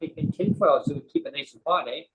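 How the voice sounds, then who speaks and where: A man's voice: fairly high pitch, animated, fast talker, husky, highs cut off. A man, a podcast guest telling a rambling story full of fillers and acted-out quotes. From Canada. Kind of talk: casual storytelling chat.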